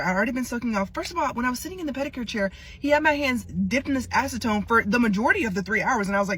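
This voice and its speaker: A woman's voice: on the high side, very fast, few pauses, fairly bright tone, slightly rough. A young woman telling a rambling, chatty storytime about a salon visit, with exasperated asides. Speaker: TikTok storyteller. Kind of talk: casual storytime.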